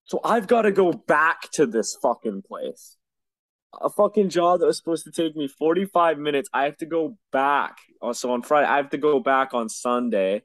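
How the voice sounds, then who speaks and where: A man's voice: a little high, normal speed, fairly bright tone, no room sound. A young man telling a story in casual chat, exasperated and swearing often, with rambling restarts.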